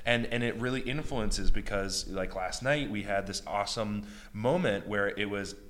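Man, American accent, low voice, enthusiastic, casual interview guest. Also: moderate pace, fairly bright tone. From United States. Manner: enthusiastic, many fillers like "like" and "you know". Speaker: beatboxer and guest.

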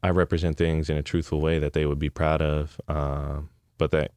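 A man in his thirties from California, a podcast guest talking in a relaxed, heartfelt, reflective way. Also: rumbling low, moderate pace, clear, resonant tone, no room sound, studio quality. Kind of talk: casual podcast chat.

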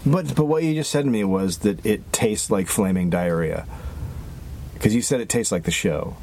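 A man around forty co-hosting a comedy podcast, telling rambling stories and firing back deadpan insults with lots of swearing. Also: fairly low pitch, normal speed, a little hiss or hum. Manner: rambling storyteller, deadpan comebacks. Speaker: podcast co-host. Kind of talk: profane comedic banter.

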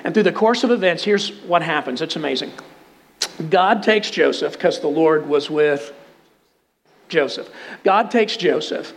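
A man's voice: a little high, animated, unhurried. A middle-aged man with a Texan accent, preaching a sermon as a pastor and retelling a Bible story in a conversational, joking way. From Texas.

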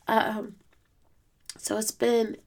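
A woman's voice: fairly high pitch, level tone, extremely slow, vocal fry. A woman hosting a solo podcast in a casual, reflective way, speaking earnestly with many fillers, her voice strained from lost sleep. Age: adult student. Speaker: podcast host.

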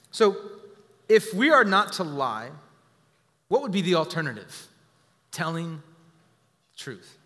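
A man's voice: on the high side, sharp tone, big-room sound. A man preaching a sermon as pastor, emphatic and repeating key phrases to the congregation.

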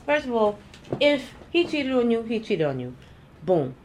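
A woman's voice: fairly high pitch, big pitch swings, normal speed, darkish tone, slight background noise. A young adult woman co-hosting a podcast in casual chat, brash and profane, laughing often and mocking people in silly voices. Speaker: podcast co-host.

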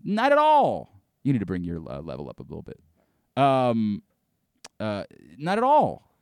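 Male sports radio host, lively pitch, smooth resonant voice, dry close sound, exasperated ranting delivery. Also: moderate pace, no room sound. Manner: animated, exasperated ranting with frequent restarts. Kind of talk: sports talk radio monologue.

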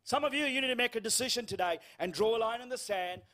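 A man preaching a sermon in a church, telling a funny story and acting out the lines of the people in it, with quoted voices sinking to a hush. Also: extremely high pitch, quick pace. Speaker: guest preacher.

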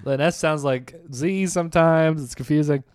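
A man's voice: on the high side, moderate pace, a little mellow, clean tone, no echo, clean studio sound. A man, a stand-up comedian, telling a story in casual podcast chat, acting out the people in it and laughing often.

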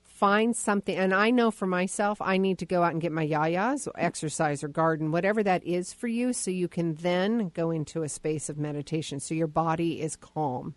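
A woman's voice: lowish voice, moderate pace, hardly any pauses, dry recording. A woman hosting a podcast, chatting casually and starting over often. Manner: chatty, many restarts. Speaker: podcast host. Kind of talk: casual interview chat.

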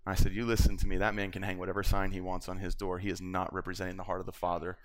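A man's voice: deep voice, completely flat delivery, fast. A man preaching, telling a personal story with acted-out quotes and laughter. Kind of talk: sermon storytelling. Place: church.

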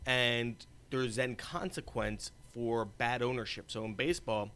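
In a casual podcast chat, an American male co-host rambles, begins sentences again and drifts off mid-thought. His medium-pitched voice sounds pushed and bright, and his pace is a little slow.

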